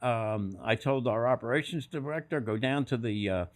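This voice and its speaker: A man's voice: mid-range voice, normal speed. An older man on a podcast as a guest, telling anecdotes and acting out other people's voices in quotes. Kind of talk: storytelling anecdotes.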